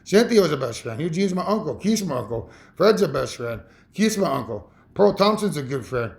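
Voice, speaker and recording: Man, 50s, gravelly, higher-pitched, halting, emotional monologue. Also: big pitch swings. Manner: emotional, halting, repeats himself. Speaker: vlogger. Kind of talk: rambling personal monologue.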